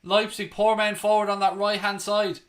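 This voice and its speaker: A man's voice: high-pitched, level tone, normal speed, a bit bright. A young Irish man from Ireland hosting a football watchalong, giving live play-by-play mixed with blunt, sweary opinions and bursts of outrage. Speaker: watchalong host. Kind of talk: live match commentary and chat.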